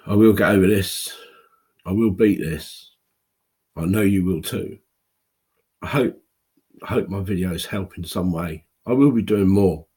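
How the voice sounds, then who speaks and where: A tearful man in his fifties speaking a raw, halting personal monologue to camera, with pauses and restarts. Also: deep voice, dark tone, breathy edge. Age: 50s. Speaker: video blogger.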